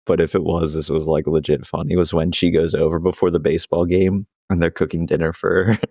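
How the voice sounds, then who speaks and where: A man's voice: deep voice, a little mellow, no echo, clean studio sound. A young man co-hosting a podcast in casual chat, laughing often as he retells scenes. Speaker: podcast co-host.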